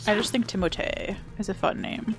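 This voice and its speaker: A woman streaming a game and chatting casually, excitable and joking, with frequent swearing. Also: mid-range voice, normal speed, over music. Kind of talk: casual livestream commentary while playing.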